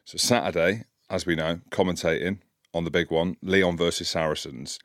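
A man in his forties, a podcast co-host and commentator, telling an animated story in casual chat, his voice rising sharply when he replays an argument. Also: normal speed, no room sound, studio quality. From Scotland. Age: 40s. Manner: animated anecdote, gets loud and high when quoting the argument.

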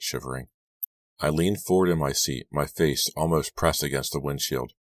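Brief: man, extremely low voice, dry close mic, suspenseful horror audiobook read. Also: dry recording. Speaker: audiobook narrator. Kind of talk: scripted horror narration.

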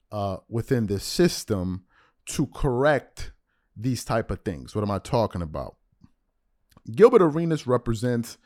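A man's voice: medium pitch, dry recording, clean studio sound. A man giving a blunt, mocking sports commentary monologue as a podcast host, ranting about players and joking along the way. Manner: blunt, mocking, animated, teasing then insisting it's jokes.

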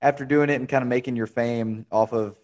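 A man's voice: mid-range voice, steady tone, brisk, darkish tone. A young man hosting a podcast interview, chatting casually and rambling through stories. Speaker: podcast host.

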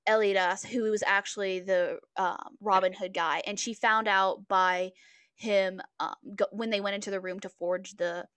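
A woman's voice: medium pitch, fairly even intonation, unhurried, fairly bright tone, clear, resonant tone, no echo. Woman cohost just chatting, rambly, lots of "like", dry close sound. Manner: rambling retelling with many "like"s and restarts. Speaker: podcast co-host. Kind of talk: casual book chat.

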